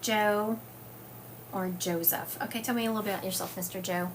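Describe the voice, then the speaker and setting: A woman with a drawl chats casually to her online audience, stopping to answer comments and filling pauses with "um." Her voice sits at an ordinary middle pitch. A faint hiss of noise runs behind her. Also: steady tone. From US South. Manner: chatty, reads viewer comments aloud, frequent fillers. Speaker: psychic medium livestream host. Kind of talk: casual livestream chat. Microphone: phone or webcam livestream.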